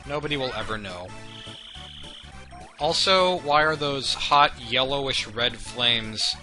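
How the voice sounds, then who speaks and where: Speaking slowly with lively intonation and a sharp edge, this young let's play commentator has a mid-range voice. His talk over the gameplay wanders and pokes fun at himself, slipping into chatty asides while game music runs underneath.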